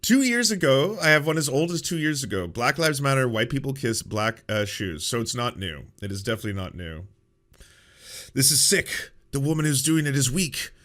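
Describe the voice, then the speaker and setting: A man doing casual reaction commentary on a political show. He is sarcastic and laughs often, and his pitch swings widely as he talks. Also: very animated, moderate pace, fairly bright tone.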